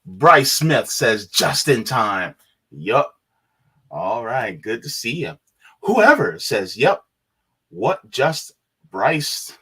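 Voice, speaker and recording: A man's voice: mid-range voice, sing-song, very slow, fairly bright tone, breathy edge. A man co-hosting a live stream, greeting viewers and reading chat messages aloud with frequent laughs.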